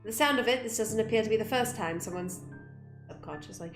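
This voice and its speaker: A woman's voice: on the high side, a little fast. Woman reading a game aloud, roomy sound. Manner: expressive reading with swearing asides. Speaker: gamer. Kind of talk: reading a visual novel aloud. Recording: roomy room with music behind.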